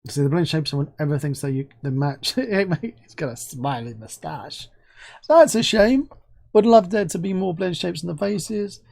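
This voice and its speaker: Excitable man chatting through a review. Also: a little high, normal speed, creaky, hardly any pauses. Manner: chatty, excitable, thinks aloud. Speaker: game asset reviewer. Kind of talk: casual screen-recorded software review.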